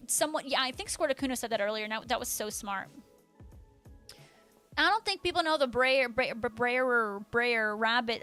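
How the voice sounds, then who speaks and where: A young woman with a high voice talks in a bubbly, chatty way on a live stream, answering her viewers as she goes. Faint music plays behind her. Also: pushed and bright. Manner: bubbly, chatty, reads chat aloud. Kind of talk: casual live-stream chat.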